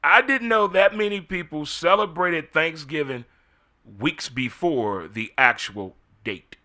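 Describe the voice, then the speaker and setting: A man's voice: a little high, expressive, a little slow, pushed and bright. A middle-aged man hosting a casual solo commentary, full of incredulous rhetorical questions. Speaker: host.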